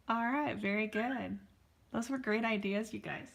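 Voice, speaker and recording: A woman's voice: on the high side, vocal fry. A woman artist hosting a live painting stream, chatting casually and answering viewers' comments with lots of fillers.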